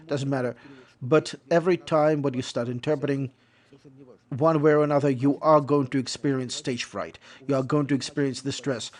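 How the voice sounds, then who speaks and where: Male lecturer in voice-over, mid-range pitch, measured and explanatory, given to restating points. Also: darkish tone. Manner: measured explanatory delivery with restatements and self-corrections. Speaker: lecturer on interpreting.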